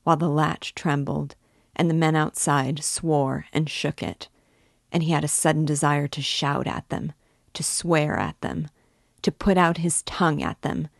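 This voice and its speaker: A woman reading a classic novel aloud in a measured, even way. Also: sits low, gravelly, dry recording, clean studio sound. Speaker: reader and guide.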